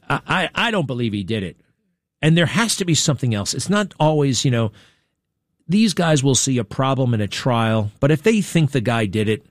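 A man hosting a talk show from the United States, chatting loosely and rambling from point to point. His voice sits at a middle pitch and swings up high whenever he gets worked up. The mic is close and dry, with no room sound. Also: no echo. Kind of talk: casual talk radio monologue.

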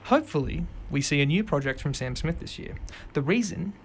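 A young man with a fairly high voice hosts a radio music show. He talks in a chatty, casual way and recaps the tracks with quick asides. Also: lively intonation, a little hiss or hum. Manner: chatty, quick asides, sings snatches of songs. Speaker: radio host.

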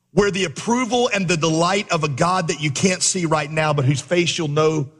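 A man preaching with a somewhat high, husky voice, his words ringing out in a big hall with a long reverb. He tells his story in an animated way and acts out the lines he shouted as a coach. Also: normal speed, few pauses. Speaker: pastor. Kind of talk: sermon with a comic story.

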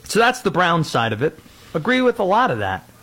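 Sports host guy, slightly high voice, lots of pitch movement, measured intros. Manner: steady, measured segment intros. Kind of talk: sports show hosting.

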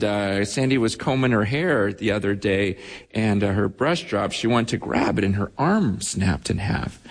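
A male pastor preaching a sermon, telling a story with animated delivery, repeating words and swinging his pitch up and down. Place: church sanctuary. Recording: long church hall reverb.

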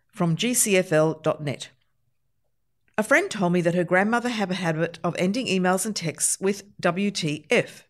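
A woman's voice: lowish voice, normal speed. Woman reading funny anecdotes aloud. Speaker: reader of humor pieces. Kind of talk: scripted reading aloud for radio.

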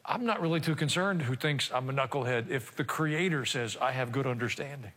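Older pastor preaching in an echoing hall. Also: male voice, medium pitch, a little fast, a bit bright. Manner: conversational preaching with asides and rhetorical questions. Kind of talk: sermon. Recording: reverberant church hall.

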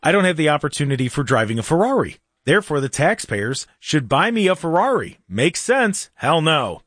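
A man on a talk show rants with lots of energy, and his voice swings up and down all the time. He often trips over his words and restarts. The recording is close and dry, with slightly raised pitch. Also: normal speed, dry recording. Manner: animated ranting, frequent restarts and repeated words. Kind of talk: casual opinionated chat.

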